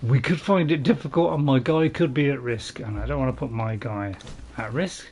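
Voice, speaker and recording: A gaming streamer from North England, with a Northern English accent, chats and rambles casually to viewers while playing a game, laughing at his own jokes. His medium-pitched voice is husky and a little mellow, at a moderate pace.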